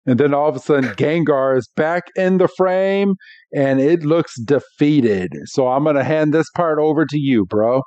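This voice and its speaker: A man's voice: fairly high pitch, moderate pace, darkish tone, dry recording, muffled recording. A man hosting a podcast, recapping a cartoon episode scene by scene in a casual way. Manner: retells scenes, acting out the characters' lines. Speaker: podcast host.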